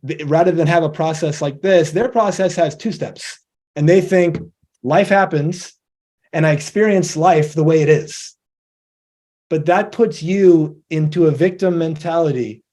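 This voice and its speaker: A man's voice: a little high, a little mellow. A man presenting a motivational talk, explaining ideas step by step and acting out quoted dialogue.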